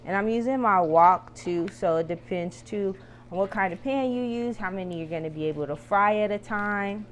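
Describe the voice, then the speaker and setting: A woman's voice: mid-range voice, moderate pace, slight background noise. A woman hosting her own cooking vlog, chatting to viewers as she fries and tastes food. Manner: chatty, talks to viewers while frying and tasting. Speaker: cooking show host.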